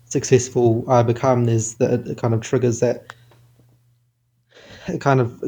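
A man in his twenties calling an advice show, hesitant and halting, full of fillers. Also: mid-range voice, flat delivery, warm tone, husky. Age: 20s. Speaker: caller.

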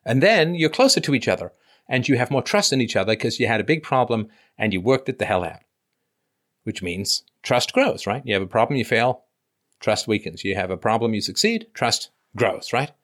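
A man's voice: mid-range voice, animated, moderate pace, fairly bright tone. A man hosting an advice call-in show, lecturing a caller emphatically and acting out quoted remarks mockingly.

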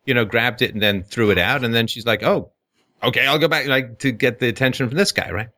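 A man's voice: mid-range voice, fast, sharp tone, dry recording, clean studio sound. A man hosting a call-in advice show who speaks bluntly and cuts in with direct advice. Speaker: host.

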